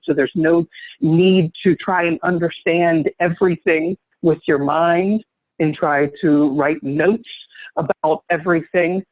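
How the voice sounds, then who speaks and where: Man, spiritual teacher on a webinar, earnest and flowing; higher voice, dry tinny call audio. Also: no echo. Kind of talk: presenting a live online training.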